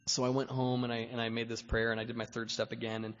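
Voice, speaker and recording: Animated man telling his story. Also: mid-range voice, fast talker. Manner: animated, acts out voices of others, grows loud when excited. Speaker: guest speaker at a recovery meeting. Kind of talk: storytelling recovery talk. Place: meeting hall. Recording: echoey hall, dull lo-fi recording.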